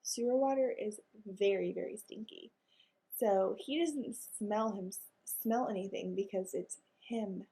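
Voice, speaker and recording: A woman reading a children's chapter book aloud and pausing to explain it patiently to young listeners. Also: mid-range voice, dark tone, breathy edge.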